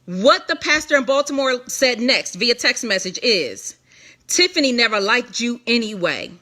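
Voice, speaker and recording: A woman's voice: on the high side, sing-song, sharp tone. A woman giving a candid, emphatic testimony to viewers, with many restarts and repeated phrases. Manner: emphatic, repetitive, quick restarts. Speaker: ministry leader speaking to an online audience.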